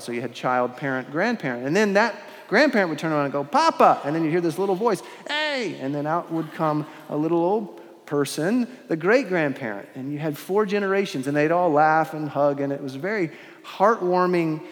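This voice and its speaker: A man preaching a sermon in a measured, earnest way, with pauses and restarts, in a large church. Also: on the high side. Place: large church with long reverb. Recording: long hall reverb.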